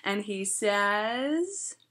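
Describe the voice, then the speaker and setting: A woman's voice: medium pitch, lively intonation, drawn-out words. A woman vlogger in casual chat, gushing and chatty with lots of filler words.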